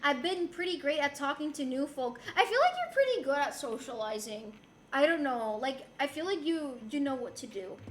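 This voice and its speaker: A woman's voice: high-pitched, lively intonation, moderate pace. A woman from Rico, chatting casually with her stream viewers and laughing often as she switches between English and Spanish. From Puerto Rico. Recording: roomy with faint background noise.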